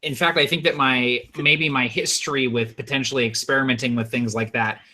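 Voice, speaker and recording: A man's voice: mid-range voice, steady tone, fairly quick, sharp tone. A young man playing in a tabletop game, chatting casually and stumbling over his words. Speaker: player.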